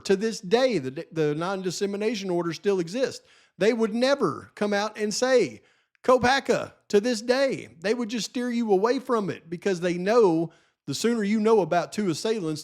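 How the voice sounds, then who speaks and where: A man's voice: high voice, animated, normal speed, darkish tone. A man hosting his own channel, giving a solo commentary in an insistent, lecturing way, sounding frustrated. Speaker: channel host. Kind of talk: solo true-crime commentary.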